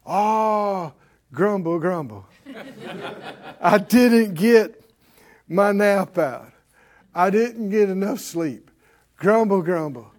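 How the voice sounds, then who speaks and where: A man's voice: high voice, expressive, drawn-out words, pauses often, a little mellow, exaggerated voice. A man voicing a tired man who mutters complaints about his morning. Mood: grumbling.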